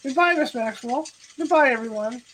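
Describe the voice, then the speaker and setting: A woman reading the lines of a flustered single father who sounds hurried and nervous. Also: high-pitched, expressive, fairly bright tone, breathy edge, exaggerated voice, low-quality recording.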